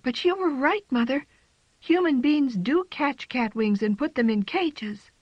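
Lady doing a squeaky eager little winged kitty girl, dry slightly dull recording. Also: animated, a little slow, no room sound. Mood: earnest. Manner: high and bright, eager. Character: young female winged black cat, plucky.

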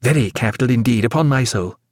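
A man's voice: mid-range voice, quick pace, no echo, natural voice. A man voicing a reserved ship's doctor who speaks in a dry, understated, politely unimpressed way.

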